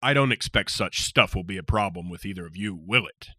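A man voicing a huge, jovial male warrior captain with boisterous, rough soldier talk. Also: low-pitched, brisk, pushed and bright, dry recording, full character voice. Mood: stern.

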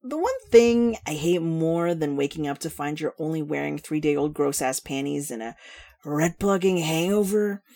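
Woman voicing a loud slurring drunk brawler woman. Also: sits low, animated, normal speed. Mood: drunken rant.

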